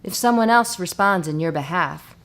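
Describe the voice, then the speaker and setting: Woman w/ lowish voice explaining hospital safety training, calm and steady. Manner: measured, instructive. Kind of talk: scripted training narration.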